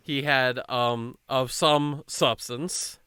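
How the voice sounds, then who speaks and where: A young man tells a long story in casual podcast chat. His voice is bright and clean, and the sound is dry and close to the mic. He rambles on animatedly and puts on quick voices for the people he quotes. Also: medium pitch, fairly even intonation, smooth, dry recording. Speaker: podcast host.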